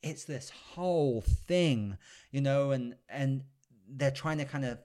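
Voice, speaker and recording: Guy cohosting a podcast, casual chat, gushes and rambles with lots of ums, medium pitch. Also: takes it slowly, dark tone. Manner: rambling and enthusiastic, hedging with fillers. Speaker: podcast co-host.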